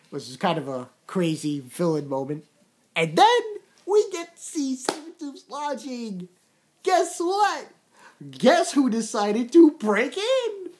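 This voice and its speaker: A woman with a fairly low voice talks through a comic chapter in a loose, casual review. She gets excitable, repeats words and slips into quoted lines from the story. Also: measured pace.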